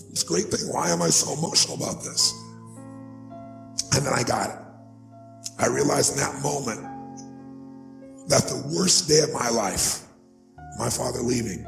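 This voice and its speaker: A man gives a heartfelt motivational talk in a deeply gravelly voice, earnest and personal. His voice echoes around the room, and soft music plays underneath. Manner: earnest, building to rising excited pitch when moved. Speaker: motivational speaker. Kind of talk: emotional personal storytelling speech.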